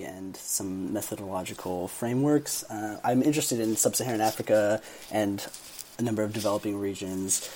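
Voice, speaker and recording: Young man, podcast co-host, relaxed dark tone, earnest scholarly chatter. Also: lowish voice, slight background noise. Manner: earnest, academic explaining with hesitations. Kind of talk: casual podcast chat.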